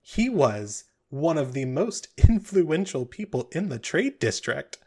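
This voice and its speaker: A man's voice: a little high, very animated, measured pace, dark tone, breathy edge, pitched above the performer's own voice, heavily acted. A man voicing a much older woman in a tabletop game, nervous and gleeful, taunting others.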